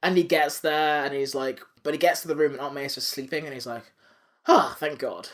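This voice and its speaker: A man's voice: a little high, fast talker. Man recapping with goofy voices. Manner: animated retelling with silly voices and swearing. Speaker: podcast host. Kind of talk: casual recap chat.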